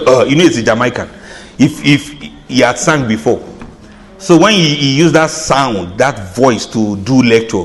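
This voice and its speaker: A man's voice: mid-range voice, in a large hall. A man giving an Islamic lecture, chatty and humorous, laughing at his own asides. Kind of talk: lecture to an audience.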